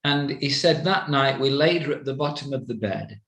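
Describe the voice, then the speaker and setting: An older man giving a personal testimony as an evangelist, slow and halting, with many fillers. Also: medium pitch, fairly bright tone. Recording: roomy echo.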